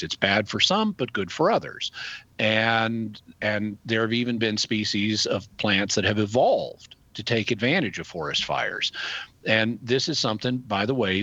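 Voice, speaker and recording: A man who answers questions as the show's expert, explaining things step by step in a measured way and restarting phrases as he thinks. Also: fairly low pitch, bright, forceful tone, dry recording. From United States. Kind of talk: explanatory conversational talk. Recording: dull, dry lo-fi audio.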